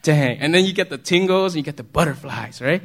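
Chatty pastor man with a fairly high voice. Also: fast, a bit bright. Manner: chatty, asks the congregation questions, chuckles often. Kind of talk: casual conversational sermon.

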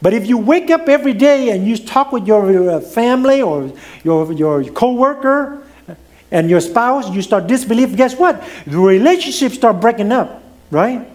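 High lively-voiced preacher man. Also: normal speed. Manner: preaching with lively rises and drops, non-native grammar. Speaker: pastor. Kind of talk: sermon.

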